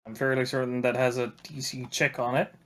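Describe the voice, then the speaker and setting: A man at mid pitch runs a tabletop game as its dungeon master. He narrates in an easygoing way, chuckling often and swearing casually as he describes the action. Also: little pitch movement, a little fast, a bit bright.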